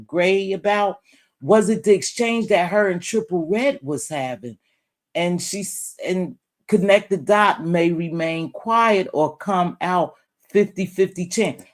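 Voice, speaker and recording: A woman giving casual, rambling live-stream commentary, talking straight to her chat and calling viewers sweet names. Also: lowish voice. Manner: rambling, talks straight to chat and other creators; calls viewers terms of endearment.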